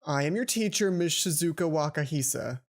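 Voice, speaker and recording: A man reading a poised woman teacher's lines aloud while playing a game, voicing her a little higher than his own talk. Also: lively intonation, normal speed. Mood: polite.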